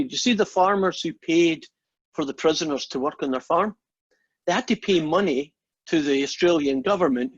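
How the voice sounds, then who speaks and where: Over dull, lo-fi video call audio, a man with a slightly high voice and a breathy edge delivers a casual math lecture. He teaches in a chatty, joking way, full of fillers and restarts.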